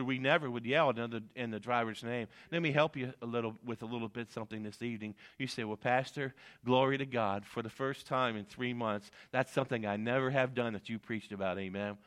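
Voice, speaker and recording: A middle-aged male pastor preaching a sermon, building to emphatic peaks and dropping low for asides, with repeated "amen" and "guess what". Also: quick pace, hardly any pauses, fairly bright tone.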